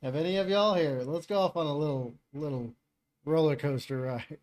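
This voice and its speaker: A man's voice: fairly high pitch, moderate pace, darkish tone. A man hosting a live stream in a casual, rambling way, laughing often as he chats.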